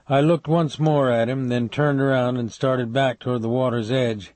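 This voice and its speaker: A man narrating an audiobook in a steady, measured way on a close mic. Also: mid-range voice, no room sound. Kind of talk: scripted narration.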